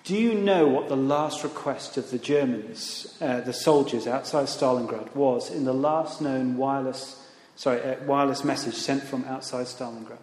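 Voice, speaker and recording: A man preaching a sermon in a church, animated, with conversational asides and rising emphasis. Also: mid-range voice, normal speed. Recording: echoey hall, long reverb.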